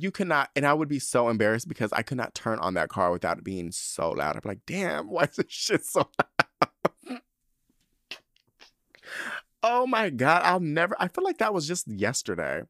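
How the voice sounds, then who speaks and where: A man's voice: on the high side, normal speed, no room sound, studio quality. A man in his thirties hosting a podcast, telling a story in a sassy, campy way with lots of swearing. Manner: sassy, animated, campy drag-queen banter with swearing. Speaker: podcast host. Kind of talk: casual storytelling monologue.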